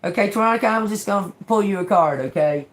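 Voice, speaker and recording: A woman's voice: medium pitch, quick pace, a little hiss or hum. A woman doing a casual live-stream tarot reading. She talks in an encouraging way, ends many lines with "okay?", often repeats and restarts words, and slips in joking, sarcastic asides. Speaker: tarot reader.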